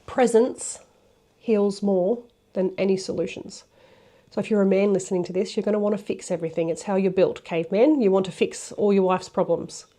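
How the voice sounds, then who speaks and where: A woman's voice: medium pitch, steady tone, a little fast, warm tone. A young adult woman teaching relationship communication in a casual, frank way, swearing now and then. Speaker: relationship coach.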